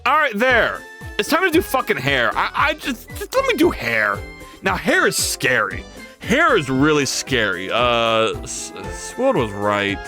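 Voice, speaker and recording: Streamer, chatty self-talk, lively swooping pitch, sudden yelled swearing, faint music behind. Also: measured pace. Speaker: live streamer. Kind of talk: casual live-stream chat while working.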